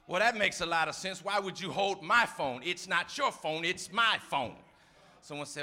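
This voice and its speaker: Gravelly, bright-voiced preacher. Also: male voice, high-pitched, moderate pace. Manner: call-and-response preaching, shifts between shouting and soft asides. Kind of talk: sermon.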